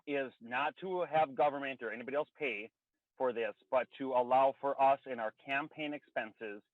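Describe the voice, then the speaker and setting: A man's voice: mid-range voice, no room sound. A man, a state legislator, presenting a bill by phone, out of breath and talking formally with many fillers. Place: outdoors near a car, then a quieter spot. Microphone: phone on a remote call. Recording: tinny dry phone line.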